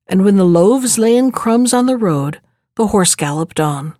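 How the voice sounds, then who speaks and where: A woman reading a fairy tale aloud in measured, even narration. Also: medium pitch, no echo, clean studio sound. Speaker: storyteller.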